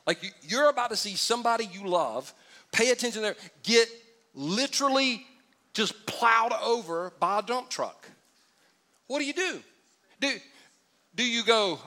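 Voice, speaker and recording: A man's voice: very high-pitched, lively intonation, unhurried, long pauses, pushed and bright. A man preaching a sermon as pastor, conversational and humorous, asking the congregation for responses. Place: church auditorium.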